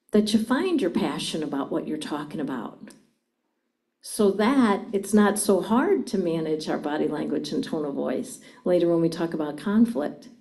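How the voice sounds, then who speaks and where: A woman's voice: fairly low pitch, dark tone. A middle-aged woman giving a live seminar talk on communication, engaging the audience with frequent questions. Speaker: communication speaker.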